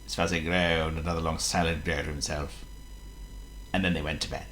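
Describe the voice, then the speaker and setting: A man narrating a children's storybook in a lively, theatrical way. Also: a bass voice, fairly quick, a little hiss or hum.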